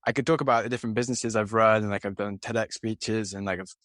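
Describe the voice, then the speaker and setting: A man's voice: on the low side, steady tone, fast talker, a bit bright, no room sound, studio quality. A British man hosting a podcast interview, chatty and self-deprecating, hesitant with many fillers.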